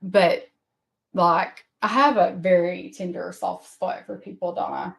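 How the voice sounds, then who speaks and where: A middle-aged woman with a drawl rambles through a casual livestream chat. She is open, emotional and quick to poke fun at herself. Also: lowish voice, steady tone, creaky. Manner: rambling, emotional, self-deprecating. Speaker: livestream host. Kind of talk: casual live-stream chat.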